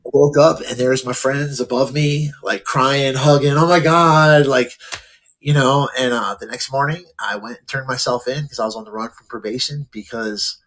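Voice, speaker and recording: A middle-aged man speaks candidly as a podcast guest, his voice husky and slightly breathy. He talks loosely, padding his sentences with "like" and "um" as he recounts his life. His pitch sits in an ordinary middle range. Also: steady tone, normal speed, a bit bright. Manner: casual, many fillers like "like" and "um". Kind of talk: candid conversational storytelling.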